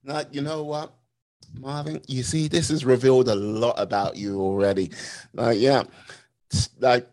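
A man's voice: medium pitch, fairly even intonation, normal speed, a little mellow. A man hosting a podcast interview in a casual, playful way, laughing often and drawing out his sign-offs. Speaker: podcast host.

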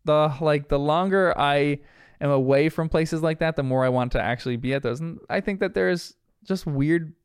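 A man's voice: on the high side, moderate pace, clean tone, no echo, studio quality. A young man giving a casual, chatty recap of a cartoon episode, reflective and full of fillers. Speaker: episode reviewer.

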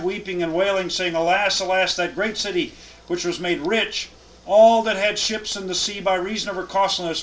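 A man's voice: sits high, fairly bright tone, low-quality recording. A man teaching a Bible class, reading scripture aloud with emphatic cadence and then explaining it.

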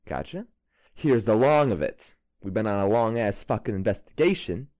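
A man's voice: on the low side, animated, normal speed, darkish tone, lightly acted. A man voicing a brash, swaggering male investigator with a put-on New York accent who swears a lot.

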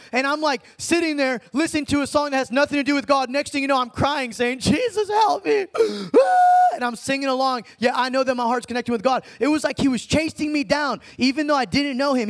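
A young man preaching an informal sermon, animated and slangy, calling listeners dude and man. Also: extremely high pitch, quick pace, hardly any pauses. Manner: slangy, animated, talks in street terms like dude and bro.

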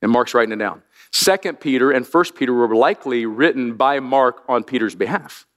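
A man preaching a sermon as pastor, animated, with jokey asides and rhetorical questions to the congregation. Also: mid-range voice, brisk, long reverb tail.

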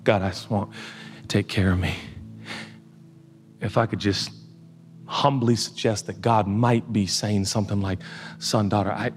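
A male pastor preaching, swinging between loud emphatic passages and quiet, intimate asides. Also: fairly low pitch, fairly even intonation, measured pace, long pauses, soft background music. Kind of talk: sermon. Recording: hall reverb.

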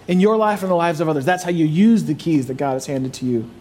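A pastor delivers a sermon in a high, light male voice. He preaches with animated emphasis and slips in playful, joking asides to the congregation. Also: brisk, few pauses.

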